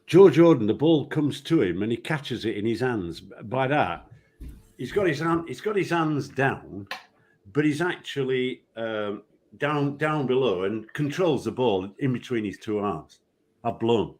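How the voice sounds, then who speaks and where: An older man who used to be a referee tells anecdotes, acting out the people in them as a lively storyteller. His mid-range voice moves at a measured pace.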